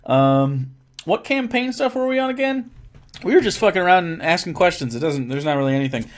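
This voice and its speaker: A man's voice: high-pitched, lively intonation, a little fast. A man hosting a casual live stream, reading viewer messages aloud and joking around with lots of swearing and restarts.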